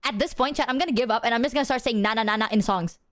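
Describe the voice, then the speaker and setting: A woman's voice: fairly high pitch, racing, fairly bright tone. A woman streamer chatting casually with her viewers, playful and swearing freely, breaking into silly sung bits.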